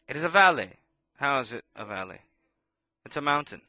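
A man preaching a sermon, impassioned and swinging between loud outbursts and hushed asides. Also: medium pitch, very animated, brisk, no echo.

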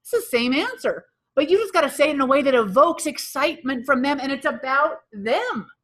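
A woman's voice: high-pitched, expressive, fairly quick. A woman sales trainer leading a live workshop, quizzing the room and repeating the audience's answers back to them. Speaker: real estate sales trainer.

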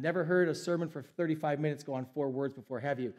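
A man's voice: fairly high pitch, fast, hardly any pauses, a little mellow. A young adult man, a pastor preaching a sermon in an emphatic, conversational way.

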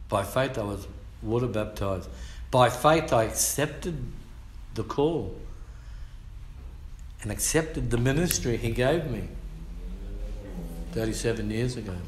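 Older Australian male pastor, slangy testimony preacher, slow delivery, echoey church room. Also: mid-range voice, slight background noise. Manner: colloquial, slangy, emphatic storyteller. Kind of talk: storytelling sermon testimony.

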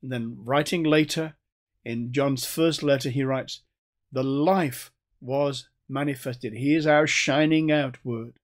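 An older man preaching a sermon in a deliberate teaching tone, slowing down to stress key words. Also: mid-range voice, fairly even intonation.

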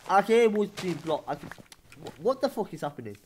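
A young man gaming and chatting casually, exasperated and swearing, sometimes shouting. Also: a little high, sing-song, a little fast, pauses often, slight background noise. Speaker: gaming video host. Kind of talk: casual gameplay chat.

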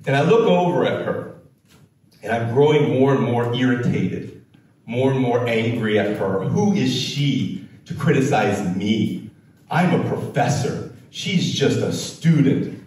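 An American-born man giving a storytelling talk as a keynote speaker, with slow, dramatic delivery and acted quotes. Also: medium pitch, a little mellow, very echoey, recorded from a distance, slight background noise, poor audio. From United States.

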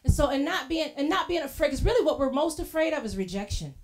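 Lady preacher telling stories in church, kinda high voice, chatty and animated. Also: fast talker. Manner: lively storytelling, acting out quoted voices; casual colloquial phrasing. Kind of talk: sermon.

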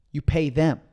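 A man's voice: fairly high pitch, mellow. A man co-hosting a comedy podcast in casual chat, dry and sarcastic. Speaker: podcast co-host.

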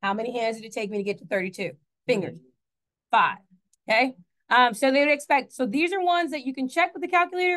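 A woman's voice: high-pitched, fairly quick, long pauses, a bit bright. A woman teaching a math class in a classroom, chatty, asking the students questions and correcting her own slips.

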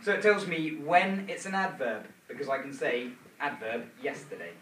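A man's voice: on the high side, expressive, moderate pace, fairly bright tone. A man teaching a primary school grammar lesson, drilling a repeated chant in call-and-response style. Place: school classroom. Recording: echoey room, far from the mic, noisy.

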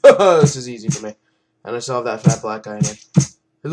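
A man's voice: medium pitch, expressive, brisk. A young man giving casual gameplay commentary as host of his own channel, rambling, swearing often and trailing off into mumbles.

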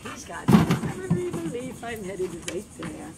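A woman's voice: a little high, sing-song, unhurried, creaky. A woman training her dog and talking casually, chatty and playful, with sing-song repeats. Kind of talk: casual training demo talk. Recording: noisy outdoor recording.

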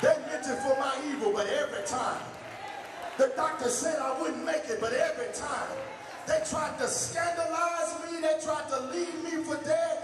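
A man pastor delivering an impassioned call-and-response sermon in a church, building to shouts. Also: extremely high pitch, normal speed, over music, crowd noise. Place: church sanctuary. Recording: echoey hall from far off, congregation audible. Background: congregation.

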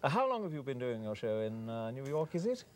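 A man's voice: medium pitch, sing-song, fairly quick, darkish tone, slight background noise, lightly acted. A man putting on a posh upper-class English accent as a gushing, effusive young toff.

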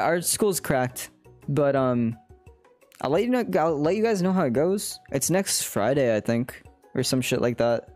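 A woman's voice: low-pitched, darkish tone. A woman streaming casually, scatterbrained, swearing and laughing as she reads a game. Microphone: headphones and desk mic.

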